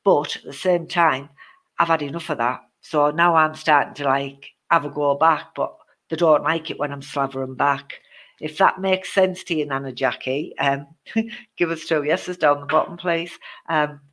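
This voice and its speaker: A woman's voice: deep voice, fairly even intonation, normal speed, fairly bright tone. A woman hosting a live-stream card reading, chatty and teasing her viewers, with many ums. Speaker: psychic card reader.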